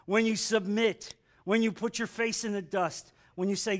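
A man's voice: high-pitched, steady tone, moderate pace. A man teaching a Bible class in an earnest sermon style, repeating phrases and calling for amens.

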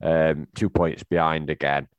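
A man's voice: a bass voice, little pitch movement, unhurried, clear, resonant tone, dry recording, muffled recording. A man chatting casually about football as a podcast co-host, laughing often and restarting sentences. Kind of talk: casual chat.

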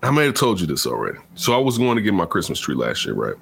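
A lively man in his early forties, telling a story in a bright, forceful voice that swings widely up and down. He talks loosely and jumps into loud retold exchanges as he goes. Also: deep voice, fast talker, vocal fry, slight background noise. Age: early 40s. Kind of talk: casual chat, storytelling.

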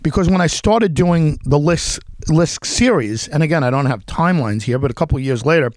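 A man's voice: fairly high pitch, lively intonation, a little fast, a little mellow, no echo. A man telling a rambling, unscripted story, with many restarts and quoted voices acted out. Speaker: podcast host telling a story. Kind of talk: unscripted spoken monologue.

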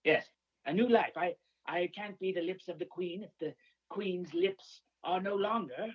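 A man playing a pompous, befuddled royal herald calling into a comedy show, speaking in a halting, over-formal way with a put-on British-sounding accent. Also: high-pitched, breathy edge, lo-fi sound. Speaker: caller. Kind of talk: improvised comedy call-in.

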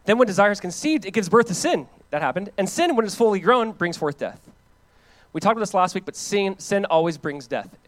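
This high-voiced man from the United States preaches briskly as a pastor. His sermon feels conversational and lively, jumping from forceful, loud statements to hushed moments, with phrases repeated to drive points home.

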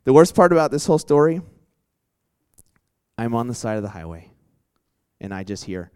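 A young man preaching in a casual storytelling style, chatty and animated, full of asides and questions put to a live audience. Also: mid-range voice, moderate pace, pauses often, smooth. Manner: chatty and animated, full of "like" and "right?", quizzes the crowd. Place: church hall with a live audience.

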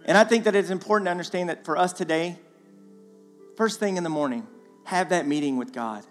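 A man giving a guest sermon in a church, animated and conversational with playful asides. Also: sits high, a little fast. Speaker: guest speaker. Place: church sanctuary. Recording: long church hall reverb, faint music.

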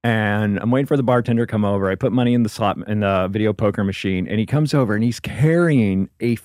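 A man's voice: on the low side, fast, a little mellow, no echo, studio quality. A man, a comedian, telling a rambling casual story, laughing as he goes and acting out voices. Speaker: comedian guest.

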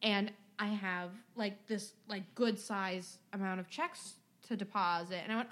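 A woman co-hosting a podcast who tells animated, casual stories, filling them with "like.". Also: mid-range voice, measured pace. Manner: animated, heavy use of "like". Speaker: podcast co-host and bank teller. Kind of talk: casual storytelling.

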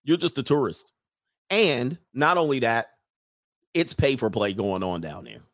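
Slangy, animated man hosting a live stream. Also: mid-range voice, unhurried, dry recording, clean studio sound. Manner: animated, slangy, mocking put-on voices; laughs often mid-sentence. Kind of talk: casual live stream commentary.

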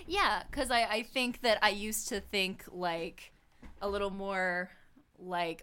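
A woman's voice: medium pitch, expressive, unhurried, a bit bright, clean tone. Reflective woman, lots of "like". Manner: reflective, says "like" often. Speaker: podcast co-host. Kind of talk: casual chat.

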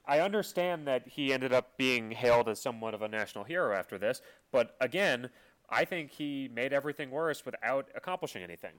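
A man on a podcast, giving his opinion in a measured, reasoned way. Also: medium pitch, expressive, fairly bright tone. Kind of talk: casual chat.

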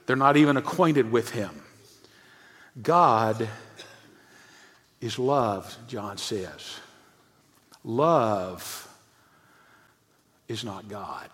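A male pastor preaching a sermon with emphasis, often dropping to a hushed, low voice. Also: extremely slow, pauses often. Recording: long church-hall reverb.

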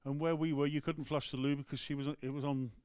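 An English rector tells a personal story from the pulpit in an easy, conversational sermon. His voice sits a little high for a man. The sound is close and dry, with no room echo. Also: little pitch movement, fast talker, a little mellow, clear, resonant tone. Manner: storytelling, conversational, acts out quotes. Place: church.

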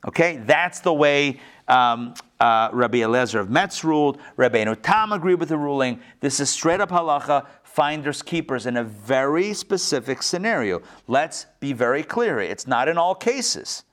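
A man teaching an online Talmud lesson, animated, repeating phrases and asking rhetorical questions, acting out the quotes in the stories he tells. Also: moderate pace. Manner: acts out story quotes in varied pitch. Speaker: rabbi teaching a class.

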